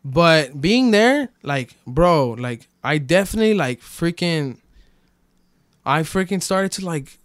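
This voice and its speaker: A man's voice: on the high side, expressive, slow pace, no room sound, clean studio sound. A young man telling a story in casual chat, rambling with lots of fillers and swearing. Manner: rambling, many fillers like "bro" and "like", swears freely. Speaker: podcast guest telling his story.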